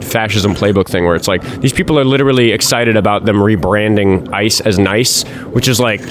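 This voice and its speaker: Man, call-in stream host, sarcastic, animated, lots of fillers, faint background noise. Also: on the low side, a little fast. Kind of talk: casual political call-in chat.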